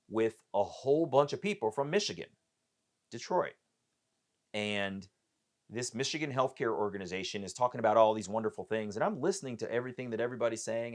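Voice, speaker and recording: Animated storytelling man, low voice. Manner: animated, acts out the voices of people in his story. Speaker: podcast guest. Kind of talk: personal storytelling.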